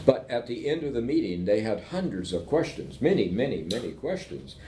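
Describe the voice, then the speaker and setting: An invited professor speaking with entrepreneurs tells animated anecdotes in a conversational way, talking fairly quickly and constantly checking in with "okay?" The recording has a roomy echo and a faint rumble.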